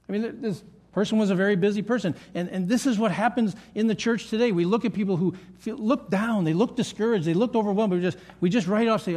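An older pastor preaches in a high, light voice. He talks earnestly and repeats key lines to drive them home, as in a sermon to his congregation. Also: quick pace, few pauses, a little mellow. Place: church meeting room.

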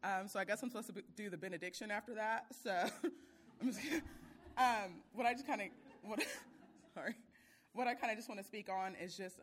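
A woman sharing a church mission trip testimony, emotional and laughing between phrases. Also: medium pitch.

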